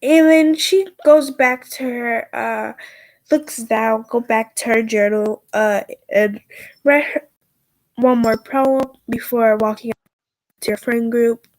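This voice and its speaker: High-voiced woman narrating a tabletop game. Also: fairly even intonation, no room sound, rough recording. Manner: halting, full of fillers. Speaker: game master.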